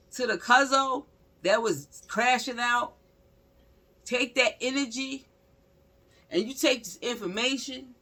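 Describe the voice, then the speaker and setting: In casual spoken commentary, a woman with a fairly high, gravelly voice talks straight to her viewers about true crime. She's animated, blunt and slangy, and repeats phrases for emphasis.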